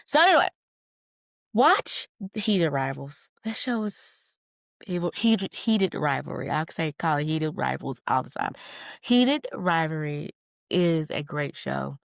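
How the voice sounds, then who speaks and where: Woman in her thirties, podcast host, low-pitched, dry close sound, candid, profane, tangent-prone. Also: very animated, a little slow, creaky, no echo. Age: 30s. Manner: candid, profane, calls listeners honey; jumps between tangents. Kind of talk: solo podcast monologue.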